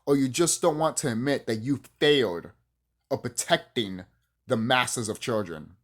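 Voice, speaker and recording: A man's voice: mid-range voice, measured pace. A man from the United States ranting on his vlog in a heated, profane, preachy and rambling way. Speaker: vlogger. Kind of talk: unscripted rant to camera.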